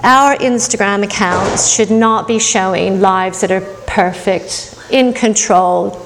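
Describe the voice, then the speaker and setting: A woman's voice: medium pitch, takes it slowly, background noise. A middle-aged woman preaching a sermon in an earnest, reflective way and telling a personal story. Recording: long hall reverb.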